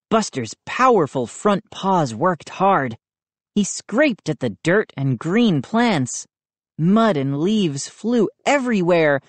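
A woman narrating a children's book aloud in an expressive storytelling manner. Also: lowish voice, slow pace, no room sound. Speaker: audiobook narrator. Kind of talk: children's book read-aloud with character voices.

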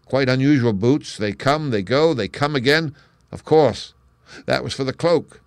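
A man voicing a confident male detective in an audiobook, crisp and brisk, pitching his voice up and speaking louder for the role. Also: animated, no echo, studio quality, lightly acted. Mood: eager. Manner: brisk, crisp, declaiming deductions. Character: sharp, confident male detective, lively and assured. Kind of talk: audiobook character reading.

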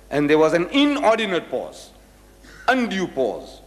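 Animated male lecturer in an echoey hall. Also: a little high, unhurried. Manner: animated storyteller who acts out quoted dialogue. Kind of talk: public lecture with anecdotes.

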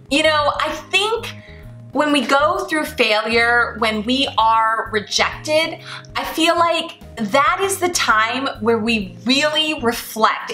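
A young woman with a bright, forceful voice and a slightly raised pitch recounts her own story to camera. She acts out the people in it as she goes. The room adds an echo, and faint music plays underneath. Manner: animated, acts out quoted dialogue. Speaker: flight attendant vlogger.

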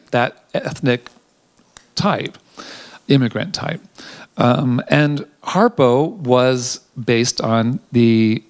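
This man, a theater director with a mid-range voice, chats animatedly through a behind-the-scenes interview about history, frequently filling pauses with "um."

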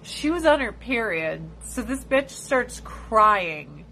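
A woman hosting a casual livestream chat, telling blunt, profane stories and squealing high when she imitates other people. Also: sing-song, takes it slowly, sharp tone, slight background noise, poor audio. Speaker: livestream host.

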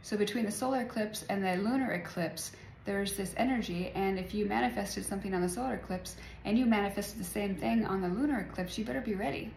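A woman's voice: mid-range voice, quick pace, gravelly, few pauses, a little mellow, a little hiss or hum. A woman in her forties talking casually to her viewers about energy and healing, rambling and laughing often. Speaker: spiritual vlogger. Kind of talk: casual spiritual talk to viewers. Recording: echoey room, faint ambience.

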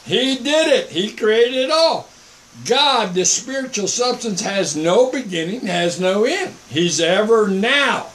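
An older man with a high voice preaches at an unhurried pace. He keeps a mock-calm, sarcastic, emphatic manner throughout. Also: poor audio. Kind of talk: informal online preaching.

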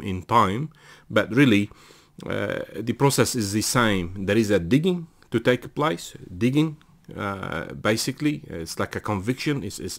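Earnest preaching man, halting delivery. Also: lowish voice, a bit bright. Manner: earnest preaching with frequent fillers and restarts, rising to emphatic calls. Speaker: pastor. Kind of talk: sermon.

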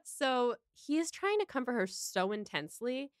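A woman's voice: fairly high pitch, very animated, moderate pace, no echo, clean studio sound. Wry, chatty woman podcast host. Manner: chatty, wry, acts out quotes. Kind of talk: casual chat, recapping a film.

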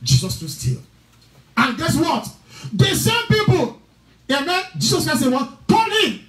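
A man's voice: very high-pitched, wildly swooping pitch, a little slow, a bit bright. A man preaching with fervor, chanting prayers and declarations and speaking in tongues at times. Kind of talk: sermon and prayer. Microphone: livestream. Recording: echoey room with music behind.

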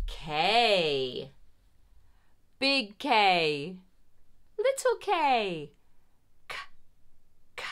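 Slow sing-song preschool teacher woman. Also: medium pitch, wildly swooping pitch, fairly bright tone. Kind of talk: children's lesson.

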